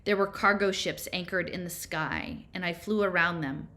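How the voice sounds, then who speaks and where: A woman's voice: fairly low pitch, moderate pace, sharp tone. Woman reading a novel aloud. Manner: casual, slangy first-person narration. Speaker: reader.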